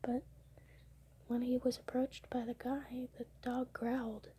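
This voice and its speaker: A young woman whispering close to the mic at home late at night, telling her dreams in a soft ASMR style and now and then breaking into laughs. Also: a little high, level tone, measured pace, breathy edge. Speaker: ASMR creator.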